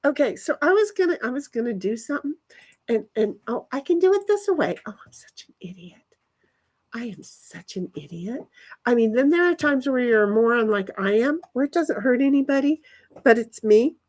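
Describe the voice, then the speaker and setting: A woman's voice: high voice, animated, a little fast, darkish tone. A woman live streaming from her backyard, rambling casually to herself and her chat and swearing now and then. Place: backyard, outdoors.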